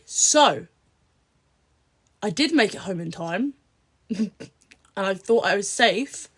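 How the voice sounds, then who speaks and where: A young woman chats with her viewers on a livestream. Her talk is casual, blunt and openly crude, and she laughs often as she goes. She keeps it loose and unfiltered. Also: lowish voice.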